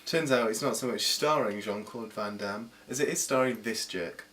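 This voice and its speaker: A man's voice: on the low side, moderate pace, a loud crowd. A man co-hosting a comedy film review show, trading dry, sarcastic remarks.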